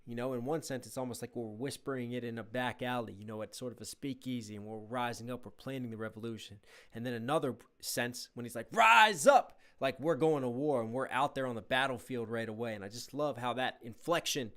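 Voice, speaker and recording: A man's voice: medium pitch, fairly even intonation, fast talker, hardly any pauses. Enthusiastic man breaking down rap. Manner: enthusiastic, analytical, imitates flows with scat syllables. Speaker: reaction video host, rapper. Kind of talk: casual music breakdown commentary.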